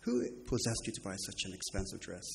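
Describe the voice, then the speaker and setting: A man's voice: low-pitched, steady tone, brisk, vocal fry, big-room sound, a little hiss or hum. A man doing an exasperated, scolding husband. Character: annoyed, budget-conscious husband.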